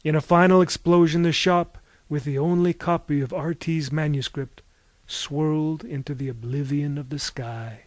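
A man narrating an audiobook in a measured storytelling voice. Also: on the high side, steady tone, darkish tone, no echo.

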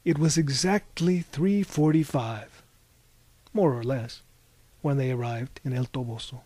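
A man narrating a novel as an audiobook in a measured, wry storytelling manner. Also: mid-range voice, warm tone, husky, dry recording.

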